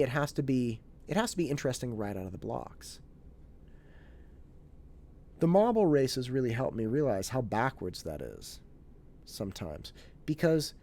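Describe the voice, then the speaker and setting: A man in his thirties telling a story in a casual, animated way, acting out bits of family conversation. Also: medium pitch. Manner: animated, acts out family dialogue, restarts and fillers. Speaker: podcast host.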